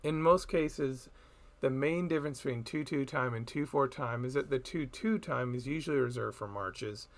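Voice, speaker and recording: In a recorded music theory lesson, a man with a mid-range voice explains things slowly and chants beat patterns out loud.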